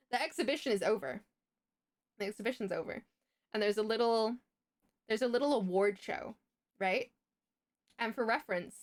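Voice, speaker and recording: In a slightly high voice, a young woman streamer tells a story during casual chat, profane and animated, with laughter and stumbles along the way.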